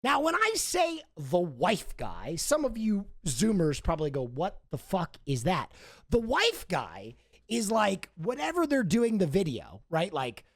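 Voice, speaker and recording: A man's voice: high-pitched, wildly swooping pitch, measured pace, no echo, clean studio sound. A man streamer giving a profane, emphatic commentary rant in a conversational way.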